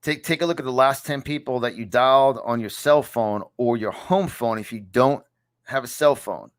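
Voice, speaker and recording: Speaking at normal speed with a medium-pitched, clean-toned voice, a man in his fifties with a New York accent hosts a podcast as a success coach. His motivational talk, recorded in a home studio, is punchy and preacher-like, with key lines repeated for emphasis.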